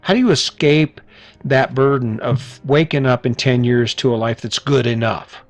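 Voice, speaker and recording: A man's voice: mid-range voice, normal speed, faint music behind. A middle-aged man hosting a podcast, delivering a blunt motivational monologue full of rhetorical questions and casual swearing. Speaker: podcast host.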